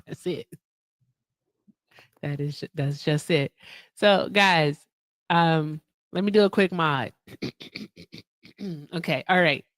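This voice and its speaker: A woman hosting a casual live-stream debate, blunt and lively, laughing often and urging viewers on. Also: low-pitched, slow, long pauses, dry recording. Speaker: livestream host.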